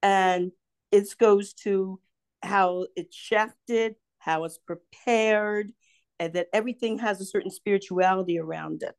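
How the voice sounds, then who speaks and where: A woman's voice: medium pitch, steady tone, unhurried, a little mellow, clean tone. An older woman with a Baltimore accent, chatting casually with her son and telling rambling stories full of restarts and laughs. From Baltimore area. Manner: rambling storyteller, laughs often, many restarts. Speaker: podcast co-host, mother. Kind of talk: casual family chat.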